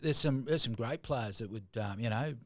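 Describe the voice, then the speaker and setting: Casting: middle-aged tradie from New Zealand, jokey podcast guest, dry close sound. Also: male voice, medium pitch, normal speed, bright, forceful tone, dry recording. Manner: jokey, laughing, says mate a lot. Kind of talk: casual podcast chat.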